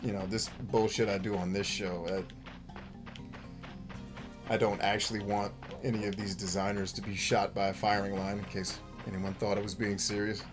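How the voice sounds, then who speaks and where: A man hosting a gaming show, talking bluntly and profanely in casual commentary while he plays, with quick jokey asides. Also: fairly low pitch, level tone, over music. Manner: laughs easily, jokey asides.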